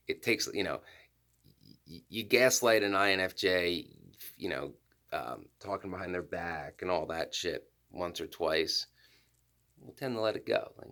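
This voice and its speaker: A man talks straight to his viewers in an unscripted monologue. His voice sits very low, with a rough, gravelly fry. He is blunt, curses freely and hammers points home by repeating himself. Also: fairly bright tone. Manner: blunt and profane, repeats phrases for emphasis. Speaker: personality-type video host. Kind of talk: casual spoken monologue.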